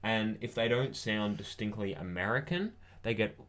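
A man's voice: on the low side, normal speed, fairly bright tone. A young man with a New Zealand accent, hosting a podcast in casual, rambling, jokey chat. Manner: rambling, jokey, self-deprecating.

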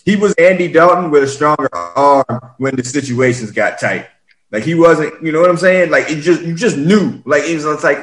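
A man hosting a casual sports chat, rambling and animated, often acting out what players say. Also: a little high, moderate pace, rough recording.

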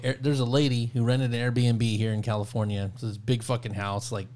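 Male podcast co-host with a mid-pitch voice and an easygoing, profane way of telling stories. Faint room ambience. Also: fairly quick, a little hiss or hum. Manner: relaxed storyteller, swears casually. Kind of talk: casual crude banter.

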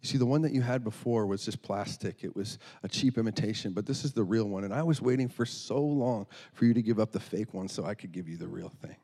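A man voicing a patient, loving father who speaks quietly and gently. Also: fairly low pitch, fast talker, few pauses. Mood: tender.

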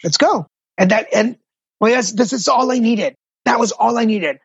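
A man's voice: very high-pitched, moderate pace, vocal fry, husky, dry recording, dull audio. A middle-aged man, a patient advocate, telling his personal story in an interview, earnest and candid. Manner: earnest, candid, self-deprecating.

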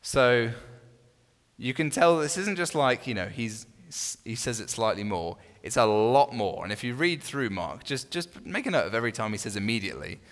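Teaching a small Bible study group, this man speaks at medium pitch and a moderate pace, keeping things relaxed and conversational. He frequently restarts phrases and asks his listeners questions. A long room reverb surrounds his voice.

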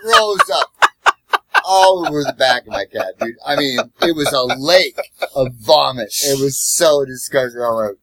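Profane, animated storytelling man. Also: mid-range voice, measured pace, gravelly, dry recording. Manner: profane, animated, acts out voices in his stories. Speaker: podcast co-host, former cab driver. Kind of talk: casual storytelling chat.

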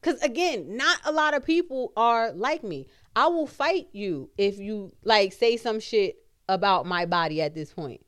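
A woman's voice: mid-range voice, expressive, unhurried, few pauses, a bit bright, no echo, studio quality. A woman hosting a podcast in casual chat, ranting bluntly and emphatically with heavy swearing. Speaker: podcast host.

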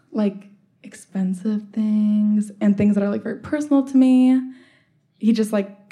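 A woman's voice: medium pitch, warm tone. A young woman telling a personal story in a casual, chatty way, full of "like" fillers and wry laughs. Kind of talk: storytelling monologue.

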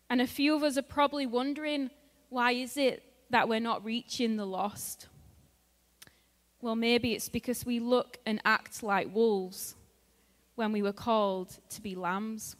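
A woman giving a sermon in a church in a conversational way, laughing often and acting out what her friends said. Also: a little high. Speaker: preacher. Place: church hall. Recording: long hall reverb.

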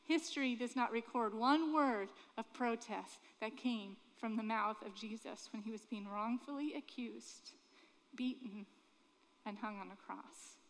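A woman preaching a sermon in a fairly high voice, earnest and conversational, asking her listeners question after question. Her words carry a long reverb from a big hall. She grew up in Florida. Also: measured pace.

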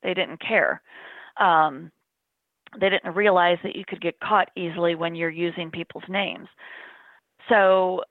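A middle-aged woman recounts her story as an interview guest, speaking earnestly and plainly, often in the present tense. Her voice sits low. The sound is dry and narrow, like a phone line. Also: steady tone, measured pace, long pauses, dry recording. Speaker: interview guest, bereaved mother. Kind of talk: personal account in an interview.

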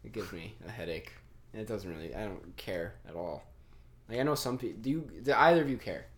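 Young male podcast host, casual, rambling, very animated pitch. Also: brisk. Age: young adult. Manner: rambling, laughs often, trails off. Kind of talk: casual chat.

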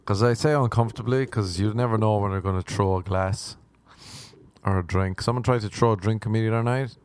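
A man's voice: lowish voice, a little fast, a little mellow, clean tone, dry recording. A young man hosting a podcast, rambling through comic stories with plenty of swearing. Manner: rambling, swearing, jumps between silly impressions. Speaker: podcast host.

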